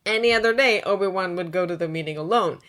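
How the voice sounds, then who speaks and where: Woman reading fanfiction aloud, lowish voice. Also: fast talker, a bit bright. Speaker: narrator.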